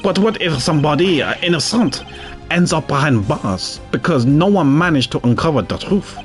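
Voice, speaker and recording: Guy doing a french-accented eager young sidekick, excitable, bouncy pitch. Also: normal speed, soft background music, natural voice. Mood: eager earnest. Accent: put-on French. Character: eager young male assistant, earnest and excitable. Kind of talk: reading game dialogue aloud.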